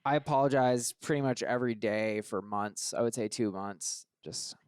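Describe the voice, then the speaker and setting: A man hosting a podcast, explaining himself in casual chat, earnest and a bit halting. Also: medium pitch, darkish tone, clean tone, no echo, clean studio sound. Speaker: podcast host.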